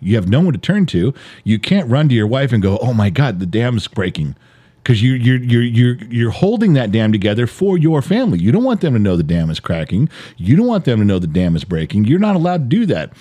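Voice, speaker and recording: Middle-aged dad co-host, deep warm voice, swings widely in pitch, pressing his point hard. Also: sing-song, a little fast. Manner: emphatic, repetitive, swears, builds an extended metaphor. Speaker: podcast co-host, father. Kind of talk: heated personal monologue.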